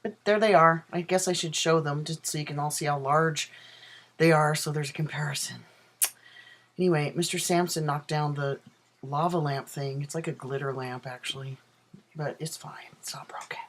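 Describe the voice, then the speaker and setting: A man's voice: fairly high pitch, steady tone, normal speed, fairly bright tone, low-quality recording. A transgender man chatting in a casual video diary from his apartment, rambling with many ums and self-corrections. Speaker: vlogger. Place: own apartment.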